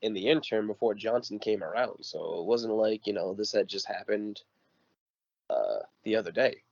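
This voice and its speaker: A man co-hosting a podcast, recounting a story in relaxed casual chat with fillers. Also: lowish voice, normal speed, vocal fry, dry recording, muffled recording. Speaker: podcast co-host.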